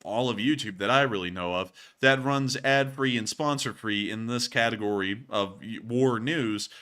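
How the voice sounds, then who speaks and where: A man's voice: medium pitch, normal speed, sharp tone. A man hosting a live war-news stream, rambling chattily with fillers while thanking viewers. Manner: rambling, chatty, frequent "uh" and "let's see here". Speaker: war news show host. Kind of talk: livestream commentary and thanking viewers.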